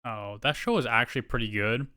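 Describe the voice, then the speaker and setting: A man's voice: medium pitch, a little fast, sharp tone. A man co-hosting a podcast, reading news items aloud and adding rambling asides in casual chat. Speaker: podcast co-host.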